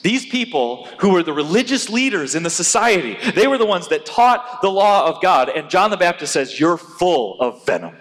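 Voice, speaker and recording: A man preaching a sermon in an animated way, rising to loud, emphatic peaks as he drives his points home. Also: high-pitched, moderate pace, few pauses. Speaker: pastor. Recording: long hall reverb.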